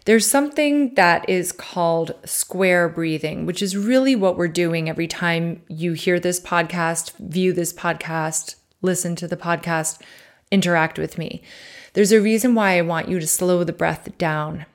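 A woman leads a guided breathing meditation in a soft, calm voice. She speaks very slowly and unhurriedly, dropping to a hush as she counts each breath. Her voice sits a little low for a woman. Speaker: podcast host and coach.

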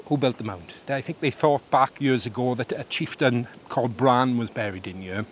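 Male local guide, outdoors, plain hesitant storyteller, light rumble. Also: normal speed. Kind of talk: casual storytelling. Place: outdoors on a hill.

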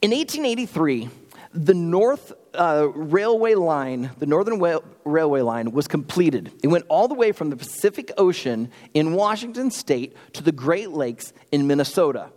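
A young adult man preaching a sermon as pastor, telling stories in an animated, conversational way in a church sanctuary. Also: a little high, moderate pace. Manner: animated storytelling, lively and conversational. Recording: long hall reverb.

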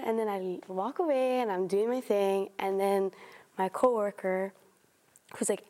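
A young woman co-hosting a casual podcast. She tells stories in an animated way, breaking into laughter between phrases. Her voice sits in an everyday middle pitch. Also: measured pace. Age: young adult. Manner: animated storytelling, laughs mid-sentence. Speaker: podcast co-host. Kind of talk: casual chat.

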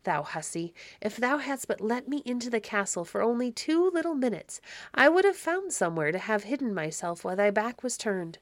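A woman's voice: on the high side, big pitch swings, normal speed, no room sound, voice pushed up. A woman reading as a wheedling one-eyed peddler. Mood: grumbling. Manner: coaxing, old-fashioned speech.

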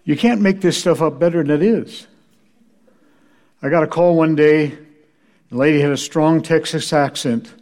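A man's voice: a little high, normal speed, pauses often, darkish tone. Male church lecturer, wry storyteller with a slightly raised voice. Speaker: preacher and church history lecturer. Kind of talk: lecture with humorous anecdotes.

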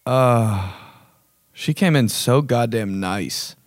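A man's voice: medium pitch, slow, no echo, clean studio sound. A man hosting a video, ranting casually and comedically in a rambling, profane way. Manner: rambling, profane, joking, fond of bro and dude. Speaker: vlog host.

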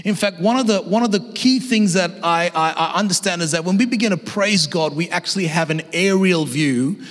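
A man in his thirties delivers a lively sermon in a high voice, speaking casually and animatedly to his congregation. His words carry a long reverb from a large church auditorium. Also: a little fast. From Australia. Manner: energetic, conversational preaching with acted-out voices. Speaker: guest pastor.

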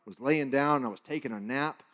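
A man's voice: medium pitch, brisk, fairly bright tone, big-room sound, natural voice. A man voicing another male preacher who earnestly recounts a vision.

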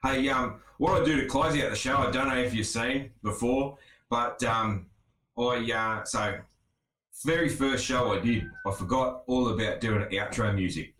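An Australian man hosting a casual podcast chat, relaxed, swearing freely and laughing often. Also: medium pitch, normal speed, reverberant. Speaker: podcast host.

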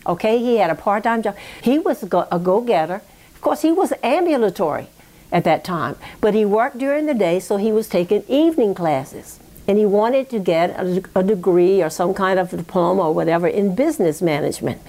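A woman's voice: mid-range voice, expressive, brisk, warm tone. A woman recounting a relative's history in an oral history interview, talking in a reflective, digressive way and checking in with "you know" and "okay?".

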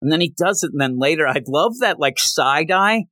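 A man hosting a podcast, chatting casually about comic books and retelling scenes with quick voiced quotes. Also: on the high side, expressive, pushed and bright, no echo. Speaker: podcast host. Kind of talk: casual comic book review chat.

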